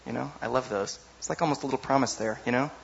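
A man preaching a sermon in a lively, conversational way, often asking the audience "you know?". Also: mid-range voice, fast, gravelly, muffled recording, slight background noise.

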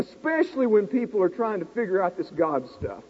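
A man in his forties preaching a sermon, an animated storyteller who pokes fun at himself in front of a live congregation. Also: sits high, brisk, few pauses, slightly rough. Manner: animated, self-deprecating storyteller talking to a live audience. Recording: tinny lo-fi recording in a reverberant hall.

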